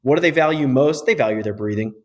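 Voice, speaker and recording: A man, a physiotherapist guest on a podcast, explaining breathing in an energetic, casual way and often checking in with "right?". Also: mid-range voice, fast talker. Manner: energetic, keeps tagging points with "right?".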